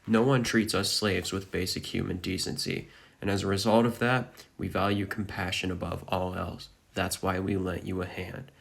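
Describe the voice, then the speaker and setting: A man doing a kind, gentle pregnant woman. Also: sits low, fairly even intonation, moderate pace, gravelly.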